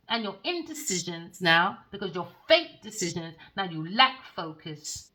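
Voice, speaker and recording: A woman reads tarot cards in a bright, sharp-edged voice. She talks scornfully and theatrically, peppering her reading with swearing. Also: medium pitch, rough recording. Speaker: tarot reader.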